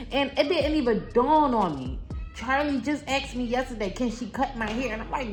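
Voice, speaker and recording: A young woman talks straight to her camera at home, exasperated and close to tears. Her tone is casual and venting, and she keeps calling her viewers "y'all." Soft music plays faintly underneath. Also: a little high, animated, a little fast. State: upset, near tears. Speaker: vlogger, mother. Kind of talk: casual vlog talk to camera. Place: home, indoors.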